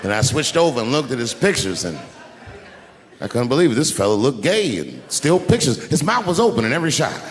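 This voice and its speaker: A man telling stand-up comedy stories, acting out the people in them and dropping to a hushed mumble for sheepish asides. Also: mid-range voice, brisk, crowd noise. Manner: animated, acts out the voices of people in his stories.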